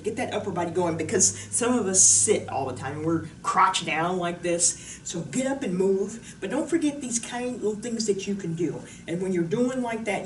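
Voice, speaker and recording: A woman's voice: mid-range voice, distant mic. A woman fitness instructor talking casually through an exercise demonstration, bubbly and jokey. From Pacific Northwest of the US. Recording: roomy echo, voice from off the mic, faint noise.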